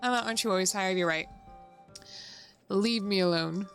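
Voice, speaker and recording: A woman's voice: medium pitch, a little fast, a bit bright, faint music behind. A woman streaming a game, chatting casually with her viewers and laughing often. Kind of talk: casual gameplay chat.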